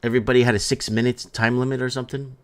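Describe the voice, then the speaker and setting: A man hosts a live-stream talk show at a middle pitch. His delivery is loose and rambling, and he keeps restating the same point to drive it home. He reads out viewer comments between his own remarks. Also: level tone, racing.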